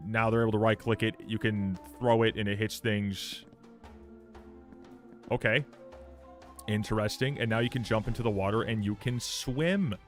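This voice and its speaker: A man's voice: lowish voice, steady tone, moderate pace, pauses often, soft background music. A man streaming live, reacting to a game trailer in sarcastic, profane commentary, often repeating words and restarting his sentences.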